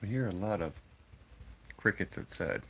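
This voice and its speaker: Blunt, profane lower-voiced streamer man. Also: expressive, normal speed, fairly bright tone, a little hiss or hum. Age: adult father. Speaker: live streamer. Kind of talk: casual storytelling to a live chat.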